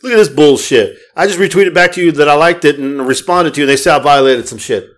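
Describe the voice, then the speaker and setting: A man's voice: on the high side, quick pace. A man co-hosting a podcast in casual chat, ranting with heavy profanity. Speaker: podcast co-host.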